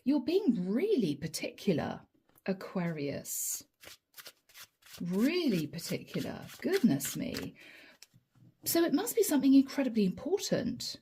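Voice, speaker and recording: A woman's voice: a little high, huge pitch swings, unhurried, warm tone, a little hiss or hum. A woman giving a chatty tarot reading straight to her viewers, laughing often and calling them guys. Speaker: tarot reader.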